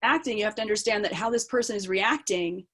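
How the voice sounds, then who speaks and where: A woman's voice: medium pitch, fast talker, fairly bright tone. Canadian woman actor, rambling and thoughtful. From East Coast of Canada. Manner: thoughtful and rambling, with many fillers and restarts. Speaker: actor and interview guest. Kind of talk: casual live video chat interview.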